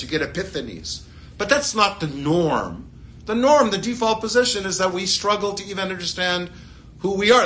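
A man teaching a Torah lesson in a lively way, full of rhetorical questions and playful asides. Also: a little high, slight background noise. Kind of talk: animated classroom Torah lesson.

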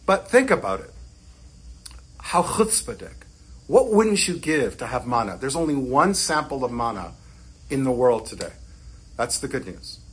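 A man teaching as a rabbi in an animated, joking way, using Yiddish words as he explains scripture. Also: medium pitch, moderate pace, long pauses, breathy edge. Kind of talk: Torah lesson.

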